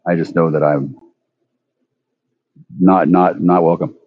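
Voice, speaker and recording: A man rambling profanely into his phone at home, stammering through restarts and breaking into sudden loud outbursts. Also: low-pitched, little pitch movement, slow, breathy edge, no echo, phone-quality sound. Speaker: vlogger. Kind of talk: rambling monologue rant.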